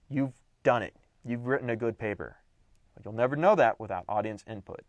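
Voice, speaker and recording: Animated man teaching writing, dry sound. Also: medium pitch, a little fast, dry recording. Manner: animated, emphatic, playful asides. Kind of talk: recorded lecture.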